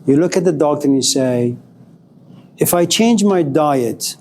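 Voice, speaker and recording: A college lecturer with an expressive, darkish voice speaks a little slowly over slight background noise. He acts out scenes dramatically in class, and his pitch leaps upward whenever he plays at being angry.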